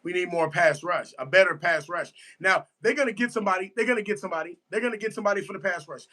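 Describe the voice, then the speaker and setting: A man's voice: high-pitched, fast, pushed and bright. A man giving a casual live reaction to a football game, emphatic and repetitive, answering his chat as he goes. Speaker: sports fan streamer.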